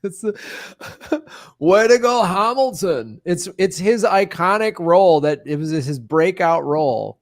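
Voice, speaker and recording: A man's voice: high voice, lively intonation, takes it slowly, no room sound. A man hosting a casual comedy podcast, retelling film scenes with enthusiasm and frequent laughs. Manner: enthusiastic storyteller, laughs often. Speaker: host. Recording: dry close sound.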